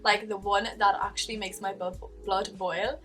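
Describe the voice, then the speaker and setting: A young Irish woman from Cork chatting to camera in a lively, animated way, with a mid-pitched voice. She sits a little back from the mic, and faint music plays under her voice. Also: moderate pace, distant mic. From Ireland. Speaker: vlogger. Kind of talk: casual chat to camera.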